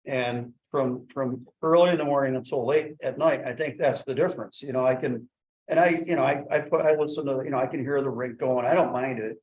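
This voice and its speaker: A man on a village board, speaking at a public meeting in a halting way with many restarts. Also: medium pitch, darkish tone, low-quality recording. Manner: hesitant, many restarts and fillers. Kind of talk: meeting discussion.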